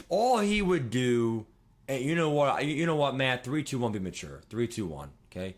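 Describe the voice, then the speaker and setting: A man in his twenties chatting casually on a livestream, rambling and excitable, swearing and laughing as he talks. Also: medium pitch, normal speed. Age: 20s. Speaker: streamer.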